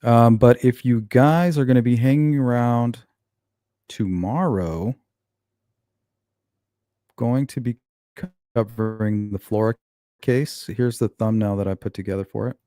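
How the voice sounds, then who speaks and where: A man's voice: mid-range voice, unhurried, long pauses, warm tone, no echo, studio quality. A man hosting a casual true-crime livestream, reading comments out and answering viewers in a blunt, sarcastic way. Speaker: true-crime channel host.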